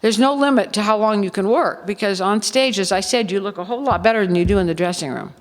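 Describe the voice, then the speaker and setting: Fast and expressive at a medium pitch, a former showgirl of advanced years relates candid stories to a seminar. She laughs often and voices the people she quotes, recorded in an echoey hall.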